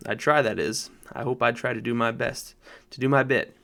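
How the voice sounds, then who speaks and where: A man voicing a humble, plain-spoken London cabman with rough working-class speech in an audiobook. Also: medium pitch, steady tone, moderate pace, a bit bright. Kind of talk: audiobook narration.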